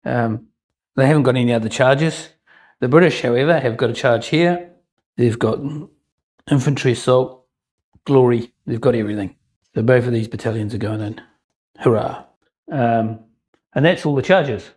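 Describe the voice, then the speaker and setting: Husky man narrating a tabletop battle. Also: medium pitch, normal speed, darkish tone, poor audio. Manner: chatty, self-mocking asides, frequent ums. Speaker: wargamer narrating a battle report. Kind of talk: casual game commentary.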